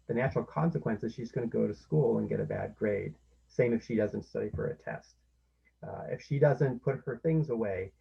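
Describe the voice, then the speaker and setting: Man, parenting presenter, instructional talk, gravelly, dull lo-fi sound. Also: mid-range voice. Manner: explains step by step, often acting out what parents can say.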